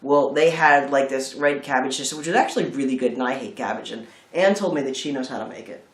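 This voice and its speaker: A man chats casually about a film, wandering off on tangents and swearing as he goes. His voice sits at an ordinary pitch. The room gives it a noticeable echo. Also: quick pace. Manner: rambling, swears freely, tangents. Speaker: film review host. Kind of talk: casual chat.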